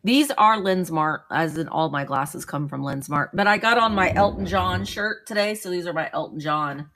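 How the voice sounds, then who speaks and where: A woman's voice: on the low side, moderate pace, a bit bright. Chatty woman, livestream host, loose rambling talk with viewers. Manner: chatty, greets viewers by name, rambling with restarts. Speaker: vintage seller livestream host. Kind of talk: casual livestream chat.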